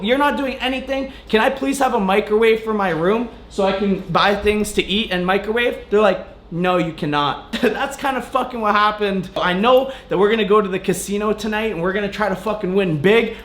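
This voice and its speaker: Young male fitness vlogger, higher voice, casual swearing storyteller, roomy echo. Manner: animated, swears freely, retells conversations. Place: hotel room, then gym. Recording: echoey room sound.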